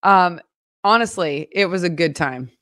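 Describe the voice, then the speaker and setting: Chatty low-voiced woman news co-host. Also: lively intonation, unhurried, fairly bright tone, no echo. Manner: chatty, laughs easily, many "uh" fillers. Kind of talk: casual local news chat.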